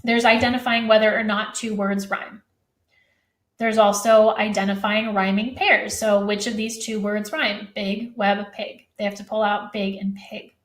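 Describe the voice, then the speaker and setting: A woman teacher giving a fast, chatty live-stream presentation to other teachers, full of fillers. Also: medium pitch, level tone, roomy sound.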